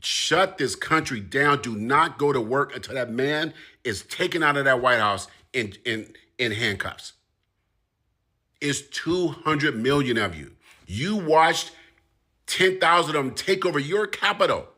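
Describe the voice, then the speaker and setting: Medium-pitched, with lively intonation and a measured pace, this commentator speaks directly to his viewers. His monologue is impassioned and forceful, built on repetition and rising emphasis.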